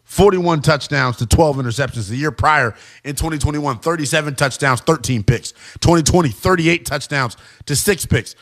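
Speaking at a normal speed with few pauses, this fairly high-voiced man is a sports commentator giving a football breakdown straight to the camera. He's animated and emphatic, addressing his audience as "guys" and "y'all."

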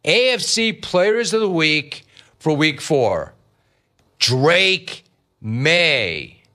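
A middle-aged man hosting a sports talk radio show, riffing lively on callers and the news. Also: a little high, very slow. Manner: lively, riffing, mock-quoting callers and family.

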